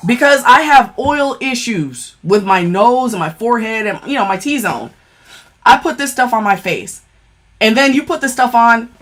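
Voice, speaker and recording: A woman's voice: fairly high pitch, a bit bright. A woman giving a casual makeup product review, blunt and profane, who keeps checking in with "okay?". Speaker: beauty vlogger.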